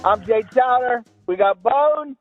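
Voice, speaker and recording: A man's voice: very high voice, expressive, unhurried, music in the background. A man hosting a podcast in crude, casual chat, rambling, swearing and laughing a lot. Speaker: podcast host. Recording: dry, tinny phone-like sound.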